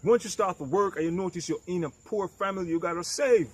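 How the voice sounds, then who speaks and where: A man's voice: high-pitched, fast talker, husky. A middle-aged man giving emphatic, preachy advice straight to camera in a vlog. He keeps asking the listener if they understand, and he often stumbles and repeats words. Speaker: vlogger. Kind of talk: direct-to-camera advice rant.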